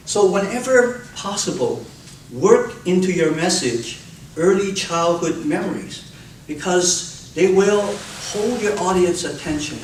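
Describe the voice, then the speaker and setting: A man delivers an unhurried, expressive speech, acting out the people in his stories with vivid voice changes. His voice sits a little high for a man. He is picked up from a distance in an echoey room, with faint ambience behind him. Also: a little hiss or hum. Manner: expressive storytelling, acts out cries and quotes. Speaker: public speaker. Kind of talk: speech on public speaking.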